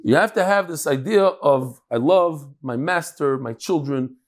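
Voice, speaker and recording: In a slightly high voice, a man gives a live daily Talmud class at a quick, animated pace, peppering it with Hebrew terms and often restarting his sentences.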